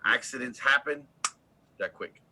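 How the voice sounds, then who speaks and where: A man with a very bright, sharp-edged voice talks bluntly about his work in a relaxed livestream chat. He is profane and animated when he tells a story, and he sits at a middle pitch for a man. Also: measured pace, slight background noise, rough recording. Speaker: oil rig supervisor, guest.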